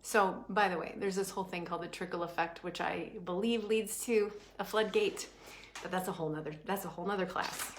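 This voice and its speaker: Animated woman coaching with emphatic bursts. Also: on the low side, a little hiss or hum. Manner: animated and emphatic, with sudden swings between fast bursts and slow drawn-out phrases; repetitive, coaxing, often checks in with "right?". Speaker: prosperity coach. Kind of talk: motivational class talk.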